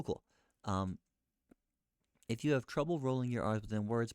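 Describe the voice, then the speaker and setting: Low, dry-voiced man thinking aloud. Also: darkish tone, dry recording. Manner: muttering, self-questioning, reading aloud haltingly. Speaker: streamer researching live. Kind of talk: thinking aloud while reading search results.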